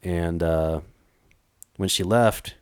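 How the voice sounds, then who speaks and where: Deep-voiced man telling a wild story. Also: drawn-out words, smooth, no room sound. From Arizona. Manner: animated, acts out quoted dialogue, frequent fillers. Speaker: treasure hunter guest. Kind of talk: casual storytelling.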